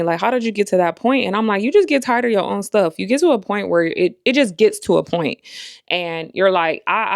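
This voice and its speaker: Woman vlogger, young adult, low smooth voice, dry close sound, loose candid chat with fillers. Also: no room sound. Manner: candid, rambling, many fillers. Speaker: vlogger and life coach. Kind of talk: casual talking-to-camera vlog.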